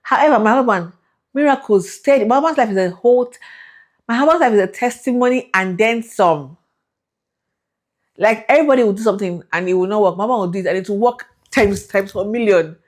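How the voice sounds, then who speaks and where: A young woman telling her faith testimony in an animated, emotional way, laughing and acting out the people in her story. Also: medium pitch, brisk. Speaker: vlogger sharing a faith testimony.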